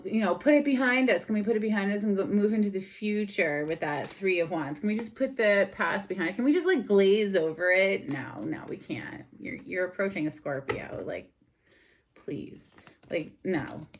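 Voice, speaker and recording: A woman giving a casual tarot reading in a blunt, sassy way, swearing and getting fired up. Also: on the low side. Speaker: tarot reader.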